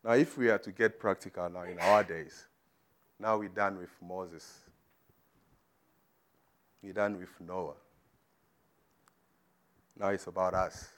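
A man's voice: deep voice, fairly even intonation, slow, long pauses. Man, preacher, sermon, emphatic, middle-aged. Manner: emphatic, rising to loud declarations.

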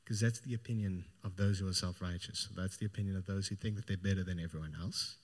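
A man's voice: low voice, quick pace, few pauses. A man preaching a sermon, retelling a Gospel story in an informal, storytelling way. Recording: long hall reverb.

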